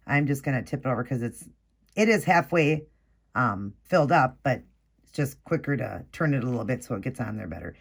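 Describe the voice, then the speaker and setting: A man hosting a casual, chatty step-by-step nail art tutorial, explaining each move as he works. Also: mid-range voice. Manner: chatty, explains while working, quick apologies.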